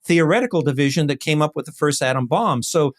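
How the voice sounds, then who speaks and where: A man with a slightly higher voice, from East Los Angeles, tells his story as an interview guest. He talks in an animated way, full of asides and emphasis. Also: quick pace. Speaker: guest scientist.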